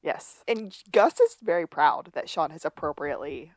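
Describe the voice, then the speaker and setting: A woman's voice: deep voice, animated, moderate pace, dry recording. A woman co-hosting a podcast, casually recapping a TV episode with playful asides. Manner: chatty, recounting scenes with playful asides. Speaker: podcast co-host. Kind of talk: casual rewatch recap chat.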